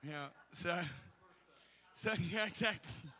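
A middle-aged guest preacher in a church recounts personal anecdotes, joking and wandering into asides as he chats. He speaks slowly, his voice pitched high with a sharp edge.

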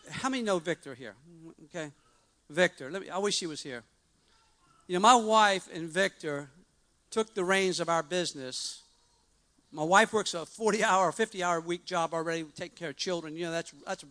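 A middle-aged man stands before a church gathering and tells his testimony in an earnest, rambling way, circling back and restarting as he goes. His voice sits a little high for a man and rings bright and forceful. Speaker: church member giving a testimony. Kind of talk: personal testimony to a congregation.

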